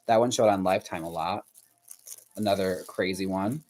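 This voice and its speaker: His low, slightly mellow voice moves at a moderate pace, with a little hiss or hum audible. He's hosting a livestream and painting dolls, chatting casually with viewers in a profane, frequently laughing, rambling way as he tries aloud to recall things.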